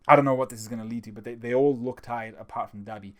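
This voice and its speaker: A man talking through a manga chapter in a casual, chatty review, getting excited and often restarting his sentences. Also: medium pitch, fast, few pauses.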